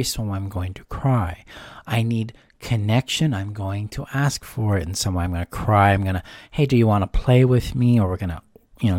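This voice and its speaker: A man hosting a self-help talk, explaining in a calm, measured way and listing ideas in long runs. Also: medium pitch, no room sound, clean studio sound. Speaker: self-help host answering a question. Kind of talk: reflective solo talk.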